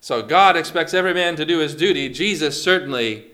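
Bright-voiced man preaching a sermon. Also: a little high, lively intonation, fairly quick. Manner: asks the congregation questions, calls on members by name. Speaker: pastor.

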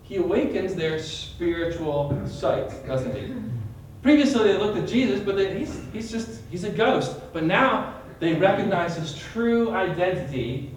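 A high-voiced man teaching a small group in sermon style, animated and full of questions for his listeners. He is caught from a distance in a very roomy, echoing space. A faint hiss runs underneath. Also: a little slow. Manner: animated, quizzes listeners by name, dramatic retelling. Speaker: Bible study leader. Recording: echoey room from far off.

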